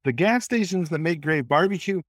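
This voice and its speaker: A man's voice: fairly high pitch, animated, normal speed, dry recording, studio quality. A man from the American South co-hosting a casual movie review podcast, rambling and sometimes losing his train of thought. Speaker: podcast co-host.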